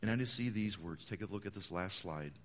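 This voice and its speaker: A man preaching a sermon, acting out quotes and swinging between loud proclamations and hushed asides. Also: deep voice, fairly quick, slight background noise. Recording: long hall reverb.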